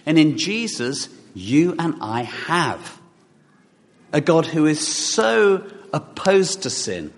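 With long church hall reverb around him, a man delivers a sermon slowly in a slightly high, sing-song voice. He reads scripture to the congregation and asks his listeners direct questions.

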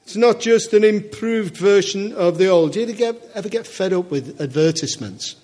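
A man's voice: high voice, fairly quick, mellow. A man preaching a sermon to a church congregation in a conversational way, often asking his listeners questions.

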